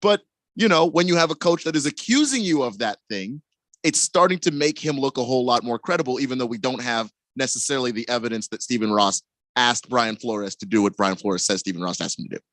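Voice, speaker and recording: A man co-hosting a sports talk radio show, explaining things in a measured, casual way. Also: medium pitch, fairly bright tone, dry recording.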